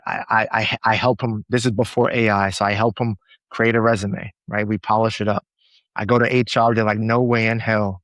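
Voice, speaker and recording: A man telling a story as a podcast guest, animated and repeating words as he gets going. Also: medium pitch, dry recording. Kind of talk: storytelling in a conversational interview.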